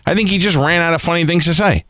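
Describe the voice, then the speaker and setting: A man's voice: on the high side, quick pace, a bit bright, no room sound, clean studio sound. A man hosting a casual radio interview, chatty and asking probing questions. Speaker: radio host.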